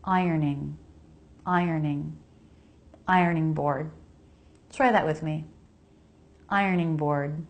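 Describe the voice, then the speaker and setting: An American woman giving a pronunciation lesson, her voice pitched a little low. She speaks slowly and deliberately, modeling each sound and repeating words for the listener to echo. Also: fairly even intonation. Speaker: pronunciation teacher.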